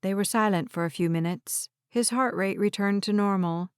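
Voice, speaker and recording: A woman narrating an audiobook in an even, unhurried reading style. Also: medium pitch, smooth, no room sound, studio quality. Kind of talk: scripted narration.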